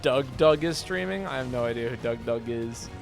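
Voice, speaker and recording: A man streaming a game, chatting casually and joking with his viewers, now and then yelping with excitement. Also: mid-range voice, normal speed, creaky. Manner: relaxed, joking, with sudden excited yelps. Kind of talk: casual gameplay chat. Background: game music.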